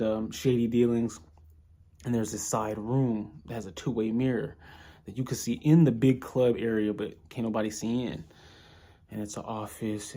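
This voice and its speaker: A man's voice: medium pitch, dark tone. A young man casually recapping an audio drama episode, rambling and thinking aloud with many restarts. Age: young adult. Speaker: podcast reviewer.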